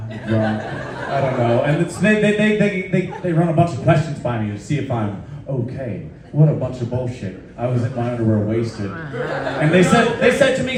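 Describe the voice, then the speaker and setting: Profane storytelling man on a live stage. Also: fairly high pitch. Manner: loose, profane, self-mocking. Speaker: folk musician telling a story on stage. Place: live venue with audience. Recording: echoey live room, far off, crowd. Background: crowd laughing.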